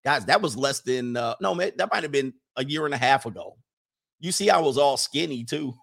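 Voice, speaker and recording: A young man hosting a casual livestream, reading viewer messages aloud and riffing on them, animated and laughing often. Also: mid-range voice, a little fast, gravelly. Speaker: livestream host reading super chats.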